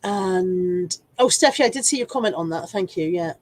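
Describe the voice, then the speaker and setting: A woman's voice: lowish voice, expressive, normal speed. A woman hosting a casual live stream while full of a cold, chatting, rambling and poking fun at herself as she greets viewers by name. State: congested with a cold, coughing.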